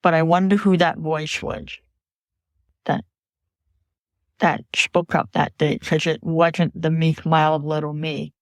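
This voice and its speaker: A woman's voice: low voice, flat delivery, no echo. Woman telling a personal story, dry. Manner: earnest, measured recounting. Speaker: podcast guest.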